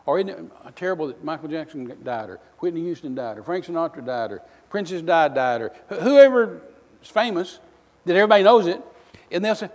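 A male missionary preacher delivering a sermon, telling folksy stories with bursts of loud outrage. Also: high-pitched, expressive, quick pace, big-room sound.

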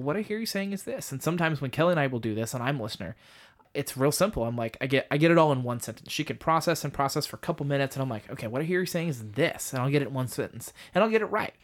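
A man teaching a communication method on a podcast, explaining step by step with a bit of self-deprecating humor. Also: mid-range voice.

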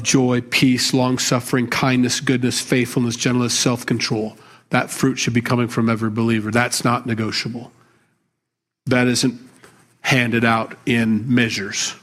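A man's voice: mid-range voice, little pitch movement, unhurried, fairly bright tone. Plainspoken man teaching a sermon. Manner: plainspoken and candid, with asides and self-deprecating humor. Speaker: pastor teaching a Bible study. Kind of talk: conversational sermon.

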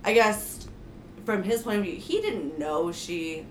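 A woman's voice: medium pitch, lively intonation, a little slow. A young adult woman co-hosting a podcast, talking emphatically in a casual chat with lots of fillers. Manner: chatty, emphatic, many fillers. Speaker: podcast co-host. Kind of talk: casual chat about a book. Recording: roomy echo, faint hiss.

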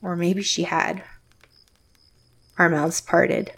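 An actress playing a closed-off, reserved young woman, narrating her story in first person in a quiet, measured way. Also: lowish voice, little pitch movement. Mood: guarded. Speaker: narrator and lead character.

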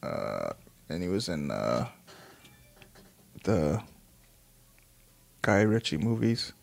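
A man's voice: low voice, wildly swooping pitch, extremely slow, creaky. A man in his thirties chatting casually and rambling, swearing often and breaking into laughter.

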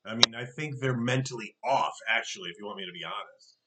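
A man's voice: mid-range voice, quick pace, heavy background noise. A middle-aged man co-hosting a casual political chat show, with sarcastic, mocking asides. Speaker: co-host.

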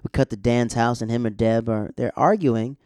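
Young male recap host, warm low-key voice, chatty and rambling, dry close sound. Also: fairly even intonation, moderate pace, clear, resonant tone, no echo. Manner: rambling, chatty, self-correcting asides. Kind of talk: casual episode recap.

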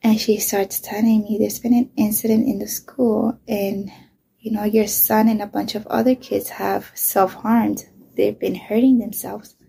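A woman's voice: medium pitch, flat delivery, a little slow, creaky, mellow, breathy edge. A middle-aged woman, a mother, candidly telling a painful personal story, swearing often and sometimes dropping to a whisper.

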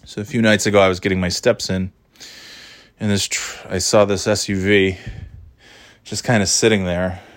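A man's voice: sits low, level tone, moderate pace, pauses often. A man telling a rambling, wry, self-deprecating story in a casual vlog. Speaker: vlogger.

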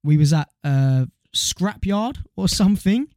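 A man's voice: high-pitched, lively intonation, measured pace, dark tone, no echo, clean studio sound. A young man, a podcast co-host telling stories in casual chat. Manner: slangy, storytelling, laughs easily.

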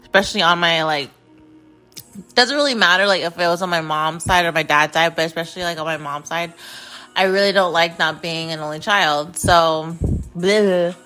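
A woman's voice: fairly low pitch, moderate pace, bright, forceful tone, soft background music. A young woman hosting a podcast, telling a personal story in a candid, profane and emotional way, full of filler words. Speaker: podcast host.

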